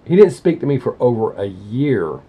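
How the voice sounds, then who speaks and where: A man's voice: medium pitch, big pitch swings, normal speed, slightly rough, muffled recording. A man hosting a music reaction channel, talking bluntly and rambling, often correcting himself mid-sentence. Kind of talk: casual opinionated talk to camera.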